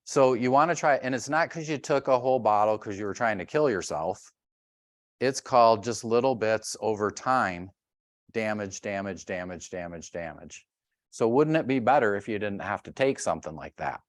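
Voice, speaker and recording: A middle-aged man leads a health workshop with lively, animated stories. He acts out sounds and little voices as he goes. His voice sits at a middle pitch and is recorded close and dry. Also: normal speed, dry recording. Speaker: chiropractor giving a workshop.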